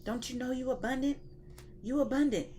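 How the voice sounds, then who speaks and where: A woman's voice: sits high, brisk, dark tone, slight background noise, voice pushed up, close to an everyday voice. A woman voicing God as a loving, bossy, streetwise divine figure who coaxes and swears. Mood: coaxing. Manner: coaxing, slangy, swearing.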